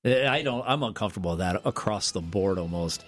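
A man's voice: low-pitched, lively intonation, a little fast, soft background music. A middle-aged man, a radio co-host, telling stories in blunt, wry casual banter.

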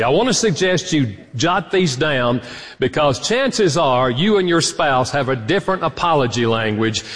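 A man giving a marriage conference talk, teaching earnestly and acting out quoted lines. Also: mid-range voice. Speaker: conference speaker. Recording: reverberant hall from far off.

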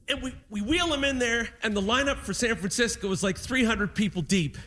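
High, bright comic telling stories. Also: male voice, fairly quick. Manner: animated storytelling, acting out his dad. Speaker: stand-up comedian. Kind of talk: stand-up comedy set. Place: live comedy stage in a music hall.

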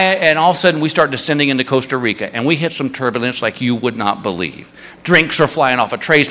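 A man's voice: a little high, in a large hall, a little hiss or hum. A man doing stand-up, telling a story and acting out the people in it. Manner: animated, acts out voices of people in the story. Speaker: stand-up comedian.

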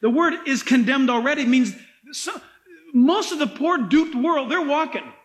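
A pastor delivers a sermon in a strikingly high male voice. He preaches with animated, dramatic emphasis, pressing each point home. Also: measured pace.

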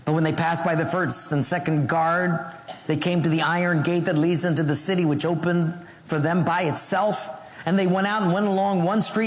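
Preacher, man, higher-pitched, animated storyteller who acts out the voices; recorded in a reverberant hall. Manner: animated storyteller acting out voices, dropping to hushed tones. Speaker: pastor. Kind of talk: sermon with personal story. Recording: long hall reverb, faint ambience.

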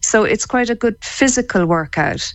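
A woman, talking as a guest therapist on a radio show, chatty and quick to laugh, often restarting her words. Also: fairly high pitch, expressive, dry recording, poor audio. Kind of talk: radio interview chat.

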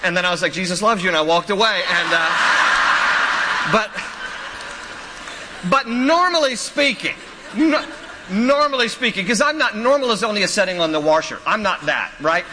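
A man preaching a sermon as a pastor, repeating his key points and telling stories with animated, lively delivery. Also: high-pitched, normal speed, long pauses, noisy background. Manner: animated storytelling with laughs and quoted voices. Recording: long hall reverb.

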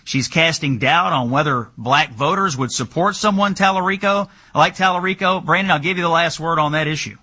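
A man hosting a political talk show, asking pointed questions in an animated way. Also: fairly high pitch, brisk, few pauses, breathy edge. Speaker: host.

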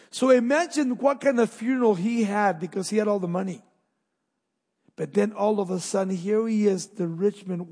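Man preaching a sermon, high-pitched and dramatic, in a reverberant hall. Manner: dramatic, swings from loud emphatic reading to hushed asides. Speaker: pastor.

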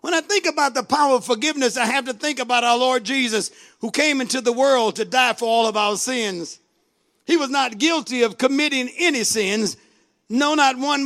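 A man's voice: extremely high pitch, normal speed, a bit bright. A man preaching a sermon with passion, acting out pleading lines from the scripture. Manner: impassioned, acts out the servant's pleading.

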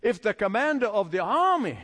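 Male preacher, high and animated delivery, emphatic sermon style, long hall echo. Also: fairly quick. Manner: emphatic, repeats phrases for stress.

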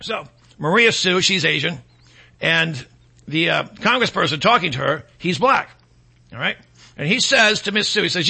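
A man's voice: fairly high pitch, expressive, moderate pace, creaky, pauses often, pushed and bright, slightly rough. A male talk radio host delivering a sarcastic, rambling opinion monologue full of fillers.

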